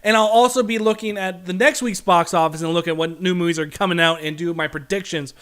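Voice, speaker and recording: Young man, movie vlogger, high voice, animated, blunt, casual chat. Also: fast, clear, resonant tone. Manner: animated, blunt, swears freely. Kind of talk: casual movie review vlog.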